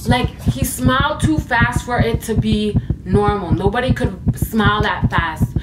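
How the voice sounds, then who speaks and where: A woman tells her own ghost story in a casual storytime vlog, emotional and dramatic, with sighs and exclamations. Her mid-range voice moves at a measured pace. She sounds a bit distant from the mic, with heavy background noise.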